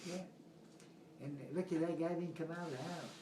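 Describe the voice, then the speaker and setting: A man's voice: a little high, fairly even intonation, normal speed, a crowd in the background. An older man telling family stories in a casual, rambling way, chuckling often. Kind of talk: casual storytelling. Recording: roomy home recording with background noise.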